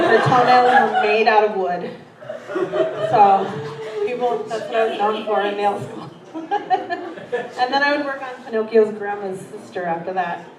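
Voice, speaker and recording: A woman's voice: medium pitch, distant mic. A woman performing a profane, self-deprecating stand-up set in a comedy theater, laughing through her stories. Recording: roomy hall, heard from afar, noisy.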